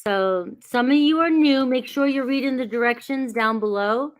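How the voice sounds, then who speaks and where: Speaking at a moderate pace in a high voice, a tarot reader runs a relaxed livestream where she welcomes viewers by name and laughs a lot. Her chatty manner is reassuring, giving grounding spiritual guidance.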